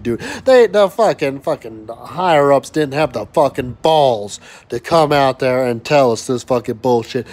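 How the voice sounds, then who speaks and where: A fired-up man in his thirties rants to camera, his voice pitched high for a man. He swears constantly, doubles back and restarts his words, and keeps the heat of a worker venting. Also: darkish tone. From West Texas. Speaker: oil and gas worker vlogger. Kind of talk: angry profane rant to camera.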